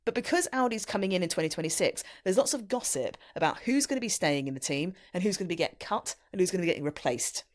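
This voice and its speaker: A woman co-hosting a casual podcast, her voice sitting a little low but swinging widely in pitch. She talks in a playful, teasing way and giggles easily. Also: lively intonation, fast talker, few pauses. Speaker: podcast co-host.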